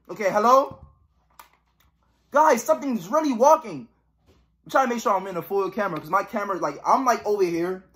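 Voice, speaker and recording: A man's voice: high voice, fairly bright tone. A young man giving joking, swearing horror game commentary, reading the game text aloud. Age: young adult. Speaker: gaming YouTuber.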